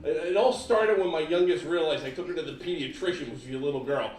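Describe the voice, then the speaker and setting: A man's voice: fairly high pitch, fast, a little mellow, slight background noise. A middle-aged man doing a stand-up comedy set, punchy and exaggerated, putting on voices for his family. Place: comedy club stage with live audience. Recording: roomy club sound from a distance, audience laughter.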